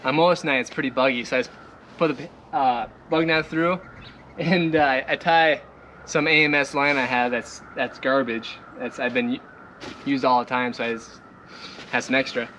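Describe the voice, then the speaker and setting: A man's voice: medium pitch, steady tone, moderate pace, bright, forceful tone. Rambling Midwestern guy outdoors. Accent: Midwestern American. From Minnesota or the Midwest. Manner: rambling, laughs often, many fillers. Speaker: vlogger showing his boat. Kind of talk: casual walkthrough. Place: outdoors by his boat, moving around. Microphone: camera set on the boat, distance varies. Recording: outdoor recording with clear background noise.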